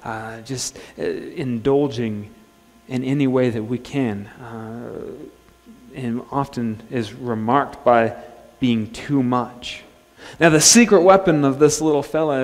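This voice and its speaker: Casual joking pastor in a reverberant church. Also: male voice, medium pitch, slow. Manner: conversational, joking, with frequent restarts. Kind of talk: sermon. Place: church sanctuary. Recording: long church-hall reverb.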